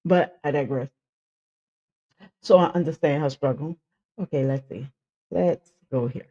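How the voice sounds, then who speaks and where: Male streamer, rambling reaction chat, slightly high, muffled audio. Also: unhurried, dark tone. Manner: rambling, many fillers, laughs along.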